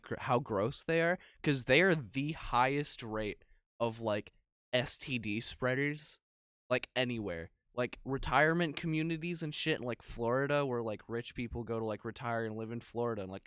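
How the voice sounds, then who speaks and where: A man's voice: mid-range voice, fairly bright tone, clean tone, no room sound, clean studio sound. A young man co-hosting a podcast in casual chat, rambling and crude, with lots of "like". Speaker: podcast co-host.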